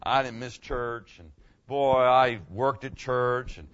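A pastor playing a smug bragging churchgoer. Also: male voice, mid-range voice, takes it slowly, fairly bright tone, no echo, dull audio. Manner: smug, boastful. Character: boastful churchgoing man bragging about good deeds.

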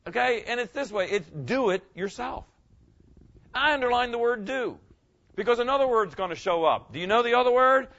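Animated conversational pastor preaching. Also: male voice, very high-pitched, normal speed. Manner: conversational, repeats phrases, asks the congregation questions. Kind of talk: sermon. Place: church sanctuary. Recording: dull lo-fi recording.

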